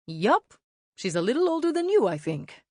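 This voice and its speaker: A woman's voice: a little high, very animated, moderate pace, darkish tone, no echo, studio quality, pitched above the performer's own voice. A woman voicing a friendly, polite male neighbor with a Mexican-style accent in an audiobook, apologetic and in a hurry. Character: friendly male new neighbor, around forty. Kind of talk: audiobook character voice.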